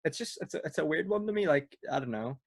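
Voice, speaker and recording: A man co-hosting a podcast in casual chat, easygoing and quick to agree and laugh. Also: on the high side, lively intonation, vocal fry, dry recording, clean studio sound. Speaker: podcast co-host.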